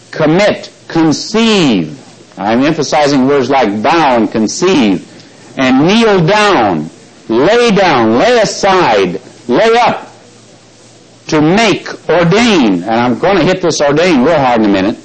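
A man preaching a Bible teaching sermon, stressing key words slowly and quizzing the congregation with questions. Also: fairly high pitch, poor audio.

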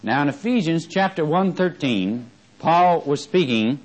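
A man's voice: expressive, unhurried, poor audio. Fervent preacher, questioning his flock. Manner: swings from fervent rising emphasis to low quiet asides, asks the congregation questions. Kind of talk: sermon.

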